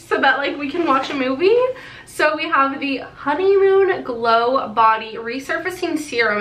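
Excitedly unboxing a haul for her vlog, a young woman laughs a lot and gushes in a bubbly way. She's a beauty vlogger with a pushed, bright voice on the high side, and the room sounds echoey with some faint noise.

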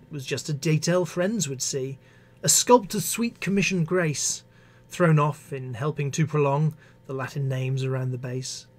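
A man hosting an English live stream, unhurried and deliberate as he recites verse. His voice sits a little high for a man, and his spoken comments between poems are full of pauses and restarts. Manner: measured, expressive recitation with hesitant asides. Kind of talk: poetry reading with commentary.

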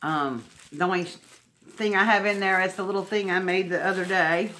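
A woman's voice: medium pitch, normal speed, bright, forceful tone. A woman unboxing craft mail at home, gushing and emotional. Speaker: crafting vlogger. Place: home indoors.

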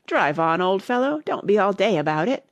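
A woman voicing a gruff, impatient male gryphon in a storybook reading, curt and scolding. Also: mid-range voice, big pitch swings, normal speed, no room sound.

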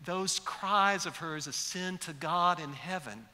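Lively preacher in an echoey hall. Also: male voice, high voice, takes it slowly. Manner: animated storyteller acting out quotes. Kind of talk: sermon. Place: large church sanctuary.

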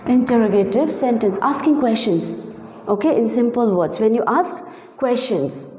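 Echoey teacher woman, mellow voice. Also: fairly high pitch, animated, moderate pace, slight background noise. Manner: patient, repeats "okay" and "you know" often, asks questions to the class. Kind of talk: online class explanation. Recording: echoey room with long reverb.

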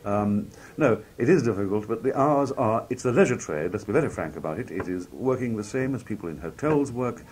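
A man from Liverpool, working as a television announcer, telling anecdotes in a relaxed interview and acting out the people he quotes. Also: lowish voice, brisk, hardly any pauses, breathy edge. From Liverpool, England. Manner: lively raconteur, acts out quoted people in different voices. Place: outdoor country fair at a cricket ground.

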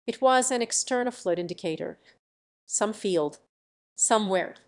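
A woman narrating an audiobook in a steady, measured reading voice. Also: mid-range voice.

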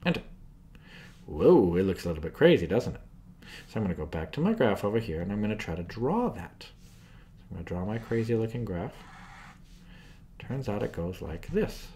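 A man's voice: fairly low pitch, sing-song, moderate pace, pauses often, warm tone, slight background noise. A man teaching a math lesson over a screen recording, chatty and thinking aloud as he draws graphs, often asking the viewer questions. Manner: asks the viewer frequent questions. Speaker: math tutor.

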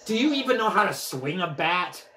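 Excitable young man, roomy and distant. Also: high-pitched, normal speed, noisy background. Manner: excitable, trash-talking, yelps and whoops. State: out of breath. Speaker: gaming vlogger. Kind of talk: casual gameplay commentary. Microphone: camera mic from a few steps away. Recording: echoey room, distant from mic.

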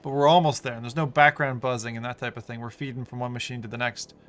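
A man streaming a VR racing game, talking casually, excitable and swearing freely. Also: medium pitch, fast talker. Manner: excitable, swearing, laughing a lot. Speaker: VR gaming streamer. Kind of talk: casual live-stream commentary.

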